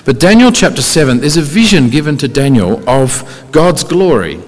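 A man preaching a conversational sermon, with rhetorical questions and sudden emphatic rises in pitch. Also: big pitch swings, normal speed. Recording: reverberant hall.

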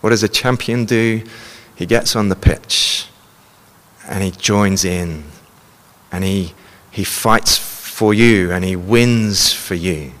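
A man's voice: lowish voice, takes it slowly, a bit bright, in a large hall. A man preaching a sermon, earnestly explaining and reading scripture passages aloud to a congregation.

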